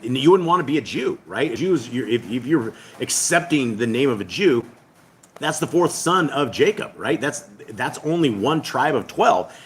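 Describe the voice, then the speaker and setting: A man hosting a casual livestreamed Bible study, reading scripture aloud and explaining it in a rambling, conversational way. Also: mid-range voice.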